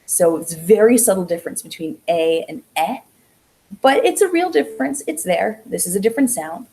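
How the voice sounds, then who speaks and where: A woman's voice: medium pitch, big pitch swings, a little mellow, low-quality recording. A woman teaching an online beginner language class, explaining step by step and drawing out the vowel sounds she demonstrates. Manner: drawn-out sounds when showing vowels.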